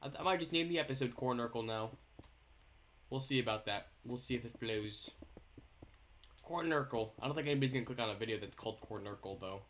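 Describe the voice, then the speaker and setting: A man's voice: medium pitch, a little fast, a bit bright, slight background noise. A young man hosting a casual let's-play commentary, chatting in a goofy, playful, jokey way as he builds. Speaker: gaming YouTuber host.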